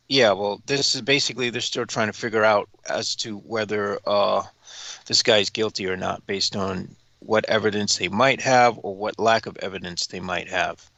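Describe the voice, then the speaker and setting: A man's voice: fairly low pitch, sharp tone, no echo. A man reading news stories aloud with profane, sarcastic asides and frequent hesitant fillers. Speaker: talk show cohost.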